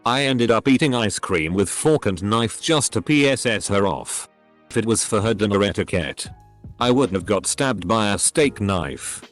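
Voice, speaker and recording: A man's voice: fairly low pitch, lively intonation, moderate pace, a bit bright, soft background music. A text-to-speech male voice reading online posts aloud in short, clipped sentences. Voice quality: synthetic computer voice. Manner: reads short clipped sentences one after another.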